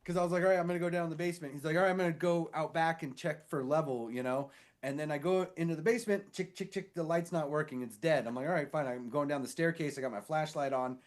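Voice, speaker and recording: A married man co-hosting a casual podcast, telling a rambling story full of swearing and quick impressions of other people. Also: on the high side. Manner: rambling, animated, swears freely; mimics others with shifted voices in stories. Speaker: podcast co-host.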